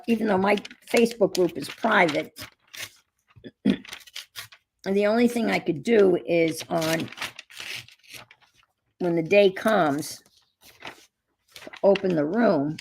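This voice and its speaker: A woman's voice: mid-range voice, slow pace, vocal fry, long pauses, a little hiss or hum. A woman hosting a casual live chat while crafting, rambling as she goes and greeting viewers by name. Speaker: craft livestream host.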